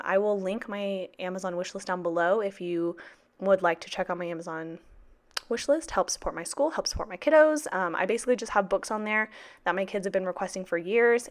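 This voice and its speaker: A woman's voice: on the low side, fairly bright tone. A woman in her twenties, a teacher, chatting casually through her planner with lots of fillers and cheerful swearing. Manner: chatty, sassy, swears freely, many fillers. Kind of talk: casual planner vlog chat.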